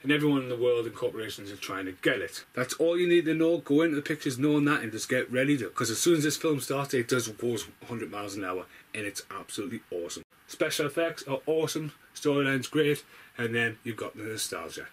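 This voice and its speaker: A man giving an excitable, sweary movie review at home in a room full of film collectibles, saying wow again and again. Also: medium pitch, fast talker, husky. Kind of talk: casual excited vlog review.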